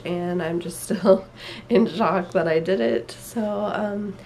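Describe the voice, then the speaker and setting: A woman's voice: mid-range voice, slow pace, a little mellow, a little hiss or hum. A young woman vlogger telling a personal story in a rambling, emotional way, tired and full of fillers.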